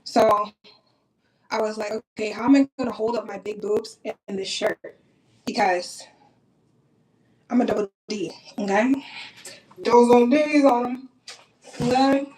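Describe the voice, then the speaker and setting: Her voice sits a little high and moves slowly, with frequent pauses, and the recording quality is low. A young Minnesotan vlogger, she gets ready while chatting casually, speaking bluntly, profanely and with animation straight to the people watching.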